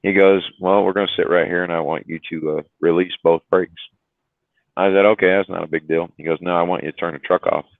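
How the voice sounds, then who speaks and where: A man's voice: low voice, steady tone, a little fast, no echo. A man telling a long story about driving a truck, in a rambling casual way with fillers and some swearing. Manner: rambling anecdote with frequent fillers and mild swearing. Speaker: truck driver telling a story on a live stream. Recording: tinny phone-like sound.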